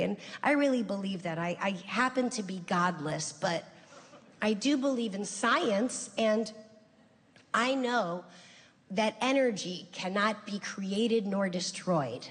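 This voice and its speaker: Deadpan woman telling stand-up stories. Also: takes it slowly. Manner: conversational, deadpan storytelling with sudden high-pitched voices for quoted people. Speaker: stand-up comedian. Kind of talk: stand-up routine. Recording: live show with long hall reverb and faint ambience.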